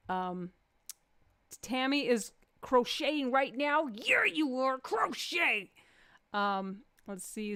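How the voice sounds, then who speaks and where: A woman comedian hosting a live stream, joking playfully with the audience and jumping into excited quoted voices. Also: fairly high pitch, smooth, dry recording.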